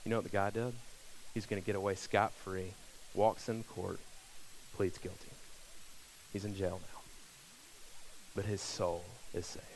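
A man's voice: low voice, flat delivery, a little slow, long pauses, a little hiss or hum, low-quality recording. A man preaching a sermon to his church, telling stories and building to fervent, emphatic appeals. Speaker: pastor.

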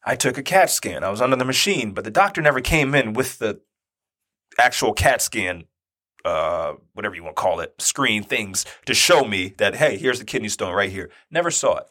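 Telling a personal story in casual talk, a man in his thirties uses a lowish voice at a moderate pace. He animatedly acts out the quoted dialogue.

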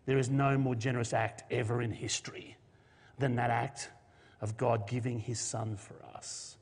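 A man's voice: medium pitch, level tone, moderate pace. Pastor, male, earnest emotional sermon delivery in a reverberant hall. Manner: earnest, emotional, with restarts and shifting emphasis. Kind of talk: Christmas sermon with a read story.

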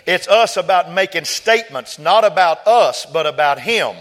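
A man preaching a sermon, quoting scripture and building from quiet talk to fervent shouting. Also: sits high, lively intonation, normal speed, hardly any pauses.

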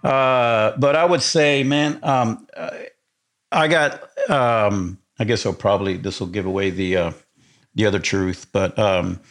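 A man's voice: on the low side, fairly even intonation, unhurried. A man from Argentina, a podcast guest and sound engineer, telling a story in a rambling, enthusiastic way with many restarts. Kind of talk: casual storytelling.

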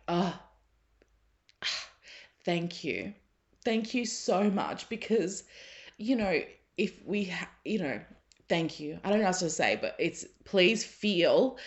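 A woman's voice: low voice, highs cut off. A woman in her thirties hosting a solo podcast, talking earnestly and emotionally, at times laughing through tears. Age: 30s. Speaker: podcast host.

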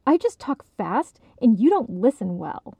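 A woman's voice: fairly high pitch, very animated, a little slow, gravelly, dark tone, slightly rough, no room sound, pitched above the performer's own voice, full character voice. Woman voicing a stubborn, snappy young woman. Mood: defensive. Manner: snappy, defensive, scoffing.

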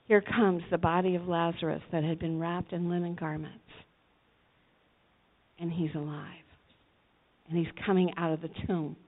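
A woman preaching a sermon, retelling a story with dramatic swings between hushed and shouted passages. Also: on the low side. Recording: tinny phone-like sound.

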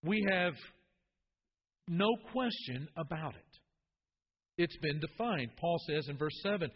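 A male preacher delivering a sermon with a husky, slightly high voice. He speaks earnestly and often repeats words as he builds to a point. The recording sounds muffled. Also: animated, a little slow, long pauses, in a large hall.

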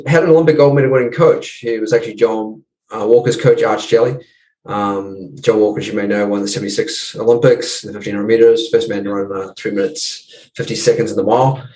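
A man in his forties with a New Zealand accent, a podcast guest telling his story in relaxed casual chat, full of "you know". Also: medium pitch, moderate pace, roomy sound, recorded from a distance, poor audio. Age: 40s.

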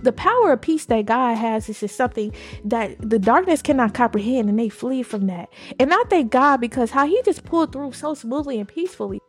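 Woman podcast co-host, slightly high voice, emphatic storyteller, soft music under her. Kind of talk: faith testimony, casual.

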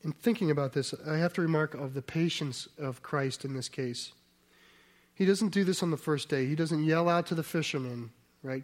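A man's voice: on the high side, moderate pace. A man preaching a conversational sermon, often asking his listeners rhetorical questions and restarting his sentences. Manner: restarts and self-corrections mid-sentence.

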